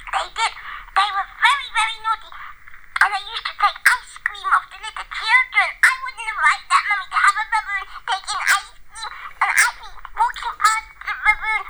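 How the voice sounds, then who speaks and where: A woman voicing a chatty little girl in a role-play, with a high, childish voice and a weepy, babbling manner. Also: very noisy.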